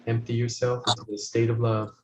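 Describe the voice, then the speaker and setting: A man teaching as a spiritual guide, talking listeners through a meditation in soft, slow, repeated phrases that often sink to a hush. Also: mid-range voice, completely flat delivery. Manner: soft-spoken, slow, repetitive guidance, often dropping to a hush. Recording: roomy, dull recording with faint noise.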